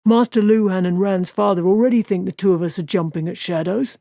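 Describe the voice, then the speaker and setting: A woman voicing a slow, cautious young apprentice in an audiobook, speaking in a doubtful way. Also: mid-range voice, creaky, warm tone, no echo, studio quality, natural voice.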